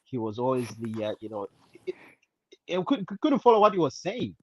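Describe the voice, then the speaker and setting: A Zambian man on a podcast panel, talking casually over a remote call, halting with many fillers and restarts. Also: medium pitch, big pitch swings, a little mellow, slightly rough. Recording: dull lo-fi call audio.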